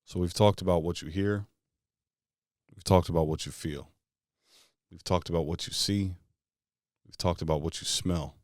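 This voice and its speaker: A man with a very deep voice leads a guided visualization, asking one casual question after another. His voice sounds close and dry, with no room around it. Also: fairly even intonation, a little mellow, no echo. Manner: string of rapid questions, casual phrasing. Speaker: motivational speaker.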